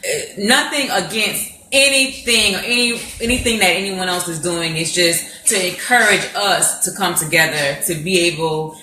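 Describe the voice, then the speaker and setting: Gentle low-voiced woman, echoey room. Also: slight background noise. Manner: gentle, measured and earnest. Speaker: podcast co-host. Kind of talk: podcast conversation. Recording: roomy echo.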